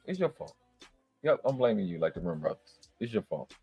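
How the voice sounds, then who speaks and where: Animated, exasperated male streamer. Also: fairly quick, creaky, husky, dry recording, faint music behind. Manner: profane, exasperated, slang-heavy venting; animated, swings between loud outbursts and low mutters. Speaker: live stream host reacting to a panel. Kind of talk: live reaction stream rant.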